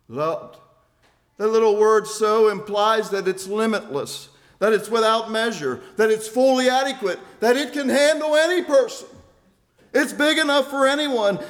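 A man preaching a sermon in an earnest, deliberate way, repeating key phrases for weight. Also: high-pitched, a bit bright.

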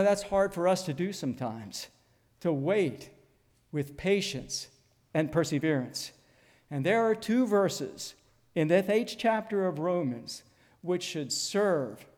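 An older man preaching a sermon in a measured, earnest way, pausing deliberately and reading scripture aloud. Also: on the high side, a little mellow, long reverb tail.

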